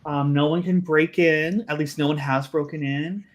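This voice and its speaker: A woman's voice: low-pitched, fairly even intonation, moderate pace, natural voice. A woman voicing a bubbly, chatty female ghost who works as a hotel concierge in a tabletop game. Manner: gushing, eager, playful. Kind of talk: tabletop role-play voice.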